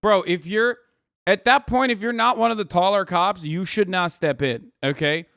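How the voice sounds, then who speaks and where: Man in his thirties, higher voice, dry close sound, mocking streamer banter. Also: moderate pace, creaky, no echo. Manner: profane, mocking, animated. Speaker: streamer reacting to a video. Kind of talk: casual commentary.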